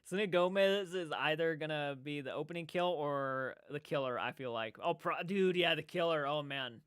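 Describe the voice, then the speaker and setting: A man hosting a casual livestream chat. He is rambling and excitable and often restarts his sentences. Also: fairly high pitch, moderate pace, smooth, no room sound, clean studio sound. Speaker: livestream host. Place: indoor room.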